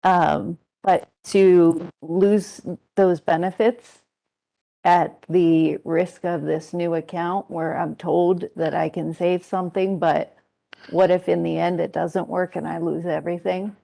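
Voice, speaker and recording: A woman testifying at a public hearing, speaking thoughtfully and hesitantly with many pauses. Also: fairly low pitch, flat delivery, creaky, dark tone. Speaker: hearing witness, independent living center worker.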